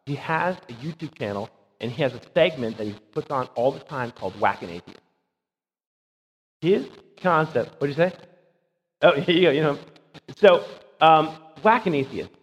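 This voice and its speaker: A man's voice: medium pitch, breathy edge. A man preaching a conversational sermon as pastor, emphatic and often checking in with a rhetorical "right?". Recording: dull sound with long hall reverb.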